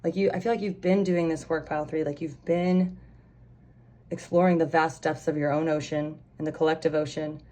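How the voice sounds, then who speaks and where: A woman's voice: low voice, steady tone, moderate pace, mellow. A young woman giving a casual pick-a-card tarot reading, chatty and rambling, with lots of fillers and restarts. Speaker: tarot reader.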